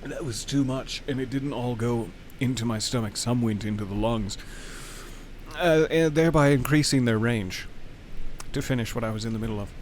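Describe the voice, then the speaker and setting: A man's voice: mid-range voice, moderate pace, slight background noise. A man streaming a video game, talking casually and playfully to the game and his chat, sometimes reading item text aloud in a mock-dramatic way. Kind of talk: casual gameplay commentary.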